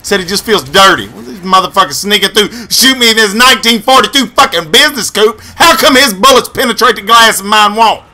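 Rowdy bright-voiced male gamer. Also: high voice, brisk, few pauses. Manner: loud, boisterous trash talk with cursing and yells. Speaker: gamer and video host. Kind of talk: profane gameplay commentary.

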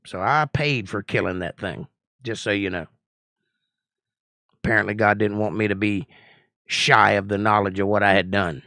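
A middle-aged man leads a live-streamed Bible study and lectures with blunt confidence. His voice is bright and forceful. The sound is dry and close. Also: fairly low pitch, moderate pace, long pauses, no echo. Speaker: Bible study teacher and host.

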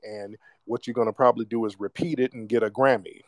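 A man's voice: mid-range voice, fairly even intonation, quick pace, no echo. An American man hosting a call-in radio show, mocking and trash-talking his callers. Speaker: radio host.

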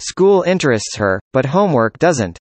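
Speaker doing practice conversation lines, plain even delivery, dry close sound. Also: mid-range voice, moderate pace, dry recording. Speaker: dialogue reader.

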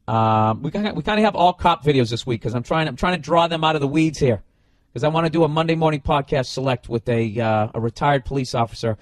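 A middle-aged podcast host speaks fast in a medium-pitched voice, recorded dry with studio quality. He tells stories and rants casually in an animated, profane way, full of swearing and loose restarts.

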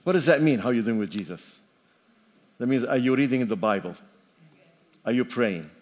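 A man's voice: medium pitch, lively intonation, moderate pace. A man in his sixties, a pastor preaching a sermon in an emphatic, repetitive style with joking asides. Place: church sanctuary. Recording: long reverb of a church hall.

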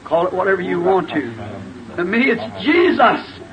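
Fervent male preacher, high voice, emphatic and shouting; dull, lo-fi old tape. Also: expressive, normal speed, a crowd in the background. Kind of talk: sermon. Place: church before a responding congregation.

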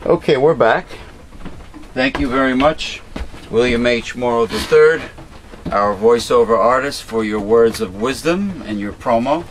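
A man's voice: medium pitch, measured pace, a little hiss or hum. A man hosting a casual talk show, chatty and hesitant, often repeating and restarting his words. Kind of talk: casual chat.

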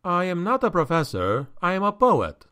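A man's voice: high-pitched, huge pitch swings, normal speed, bright, forceful tone, voice pushed up, exaggerated voice. A man voicing a wary young male poet who speaks politely with dry irony. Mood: wry. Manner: polite, dryly ironic.

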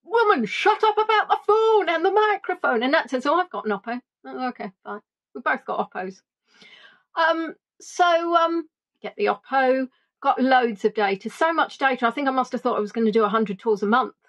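A middle-aged woman with a fairly high voice, talking as a virtual tour guide. She reminisces in a bubbly, playful way and throws in funny voices for the people in her stories. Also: moderate pace. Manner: animated, playful, acts out quotes in funny voices. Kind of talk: chatty reminiscing monologue.

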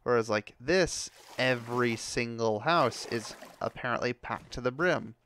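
A man's voice: medium pitch, a little slow, fairly bright tone, slight background noise. A young man giving casual commentary while playing a game, ranting and swearing when things go wrong. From United States. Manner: frustrated ranting, heavy swearing. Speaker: gameplay commentator.

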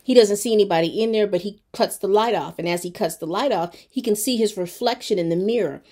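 A woman reviewer casually recapping a TV episode, talking straight to her viewers with expressive, colloquial storytelling and plenty of fillers. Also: mid-range voice, a little fast. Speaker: TV show reviewer.

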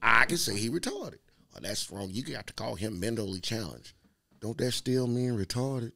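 A man in casual chat, telling lively stories, acting out the quotes and laughing often. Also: lowish voice, moderate pace, creaky. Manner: animated storyteller, acts out quotes, laughs often. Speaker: podcast guest telling stories.

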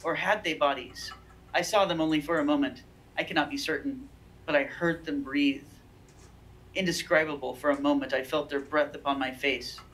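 A woman's voice: low-pitched, steady tone, normal speed, fairly bright tone, poor audio. A woman reading aloud the lines of a frantic, haunted man who is terrified of unseen horrors, voiced close to her own natural voice.

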